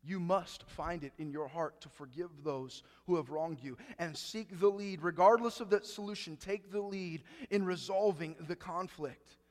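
A man preaching a sermon to his church, swinging between raised, emphatic lines and hushed, quiet ones. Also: high-pitched, moderate pace, hardly any pauses. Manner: preaching with rising emphasis and dramatic hushed drops. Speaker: pastor. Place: church sanctuary. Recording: long reverb of a church hall.

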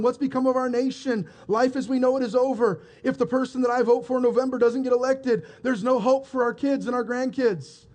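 A man's voice: very high voice, darkish tone. A male pastor preaching a sermon, firing rhetorical questions at his congregation.

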